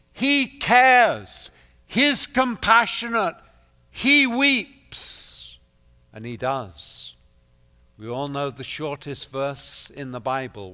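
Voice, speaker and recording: A man preaching a sermon who swings from quiet, measured talk to loud, emphatic declarations, often repeating phrases for effect. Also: on the high side, clear, resonant tone.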